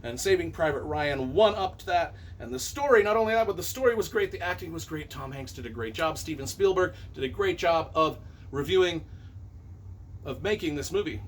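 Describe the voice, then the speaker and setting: A man's voice: fairly high pitch, animated, brisk, a little hiss or hum. A middle-aged man, a novelist and movie reviewer, rambling enthusiastically and correcting himself as he counts down his favorite films on camera.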